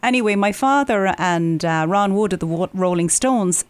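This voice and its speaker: A woman guest singer telling stories in a casual interview, lively and anecdotal. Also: medium pitch, moderate pace. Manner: lively anecdotal, animated quotes.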